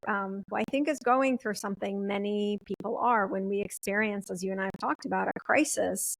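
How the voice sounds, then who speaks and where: A woman hosting a podcast, asking thoughtful, searching questions with pauses and fillers. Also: mid-range voice, creaky, low-quality recording. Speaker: podcast host. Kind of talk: interview questions.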